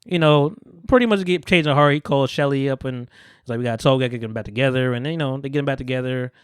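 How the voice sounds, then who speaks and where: Fast-talking man recapping a movie. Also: mid-range voice, smooth, dry recording, clean studio sound. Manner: animated, acts out characters' lines in quick voices. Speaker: podcast co-host. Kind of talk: casual chat, recapping a movie. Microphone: studio podcast mic.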